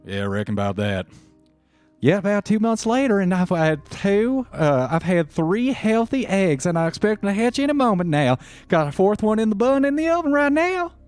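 A sweet, chatty young wife with an American Southern accent, as a man puts her on in a tabletop game. The voice sits well above the performer's own, bright and friendly, proud of her family. Faint music plays underneath. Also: high-pitched, very animated, normal speed, no echo, pitched above the performer's own voice.

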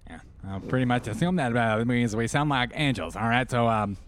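A man's voice: mid-range voice, animated, fairly quick, slight background noise, close to an everyday voice. A man voicing a pushy former archduke of hell, drawling with a thick put-on accent. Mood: demanding.

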